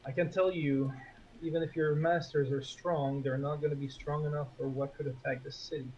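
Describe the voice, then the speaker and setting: Male tabletop player, a bit high-pitched, earnest and stumbling, on a muffled mic with faint noise. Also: level tone, a little fast, darkish tone. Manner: earnest, restarting phrases. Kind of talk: in-character tabletop role-play.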